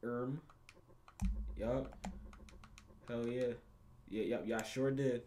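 Profane, excitable man reacting to a game. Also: mid-range voice, very slow, a little hiss or hum. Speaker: gaming channel host. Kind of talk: casual gameplay commentary.

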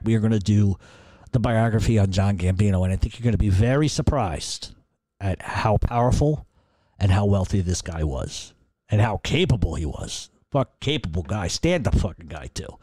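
A man from Providence talks through his podcast in a loose, swearing monologue, circling back and restarting as he goes. His voice sits low and dark. The sound is dry and close. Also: dry recording. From Providence, Rhode Island. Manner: profane, rambling with frequent restarts. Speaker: podcast host.

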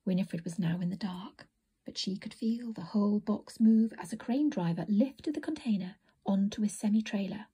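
A woman narrating a children's storybook in a soft, often whispered reading voice. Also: mid-range voice, normal speed, breathy edge.

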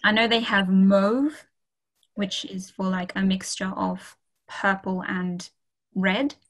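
A woman leads a relaxed beginners' language class over a video call. She talks slowly and leans on frequent ums and okays as she explains. Her voice sits at an ordinary middle pitch. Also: poor audio. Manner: slow, friendly, many ums and okays. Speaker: French tutor. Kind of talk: casual online language lesson.

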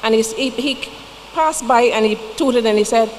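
A woman's voice: a little high, normal speed. A woman with a Barbadian accent giving a funeral tribute in a church, telling folksy stories with chatty asides. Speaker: eulogy speaker. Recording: long church reverb, faint noise.

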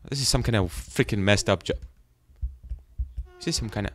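A young man giving jumpy, frightened let's play commentary, often breaking into loud exclamations. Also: lowish voice, a little fast, gravelly. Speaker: gaming YouTuber.

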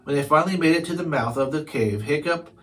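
A man's voice: on the high side, quick pace, a little hiss or hum, rough recording. A man reading a children's chapter book aloud, now and then stumbling over a word and correcting himself. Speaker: storybook reader.

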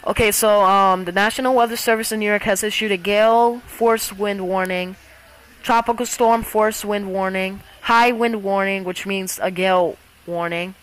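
A woman's voice: medium pitch, low-quality recording. Rambling woman vlogging a storm. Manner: rambling, excitable, halting with many fillers. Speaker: amateur weather vlogger. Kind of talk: casual storm vlog. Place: outdoors during a storm.

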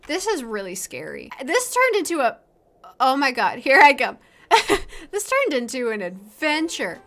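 A woman's voice: high voice, wildly swooping pitch, normal speed, a bit bright. A woman hosting a casual let's play, commenting in a profane, exasperated, self-mocking way.

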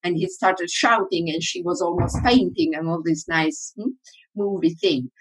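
A woman's voice: on the low side, very animated, normal speed, creaky, breathy edge, poor audio. A woman giving a workshop lecture in English, her first language Italian, who often asks the audience questions and then answers them.

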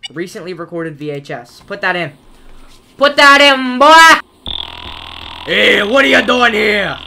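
A gaming creator playing a horror game, reading the on-screen text aloud and joking back at it, sometimes yelling playfully in tense moments. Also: mid-range voice.

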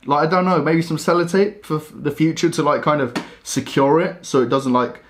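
A young man rambling excitedly while unboxing a coffee machine in a casual vlog. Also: on the high side, brisk, a little hiss or hum. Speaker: coffee vlogger.

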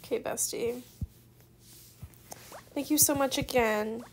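Young female student gamer, gushing and excitable; high-pitched with a gravelly fry. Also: takes it slowly, over music. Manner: gushing, effusively grateful, giggly. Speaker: gaming video creator. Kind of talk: excited gameplay commentary.

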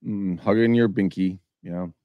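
A man's voice: low voice, moderate pace, dry recording, muffled recording. A man hosting a live real estate show, chatting crudely and joking while he makes cold calls. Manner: crude, joking, swings loud when excited. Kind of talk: casual live-stream banter while cold calling.

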